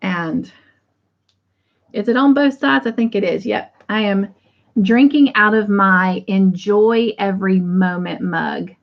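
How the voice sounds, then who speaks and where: A woman hosting a crochet livestream, chatting casually and warmly with viewers and often breaking into laughter. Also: medium pitch, takes it slowly, gravelly, muffled recording. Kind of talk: casual chat to live viewers.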